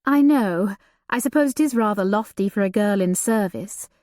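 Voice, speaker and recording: A woman's voice: medium pitch, moderate pace, dry recording, studio quality, natural voice. A woman reading a timid, tearful young governess. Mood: hesitant. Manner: hesitant and quiet.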